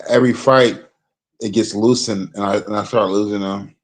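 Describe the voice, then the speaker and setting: A man appearing as a fighter guest on a podcast, chatting in a halting, self-mocking way. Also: on the low side, steady tone. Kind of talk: casual interview chat.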